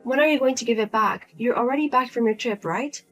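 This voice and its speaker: A woman's voice: on the high side, brisk, faint music behind, voice pushed down. A woman voicing a single adult daughter who speaks bluntly and coldly to her mother. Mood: firm, exasperated. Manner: blunt, cold, lecturing.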